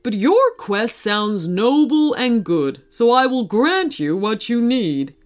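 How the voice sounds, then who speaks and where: A woman voicing a proud, forceful winged white horse in a children's story, with a measured, stately delivery. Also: a little high, big pitch swings. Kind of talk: storybook narration.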